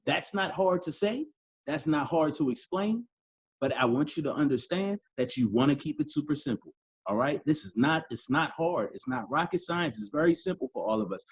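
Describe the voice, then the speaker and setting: A man's voice: on the high side, animated, moderate pace, breathy edge, dry recording. A man coaching a sales team in a motivational training talk, emphatic and preachy, repeating his key lines and calling his listeners y'all. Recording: dull, dry lo-fi audio.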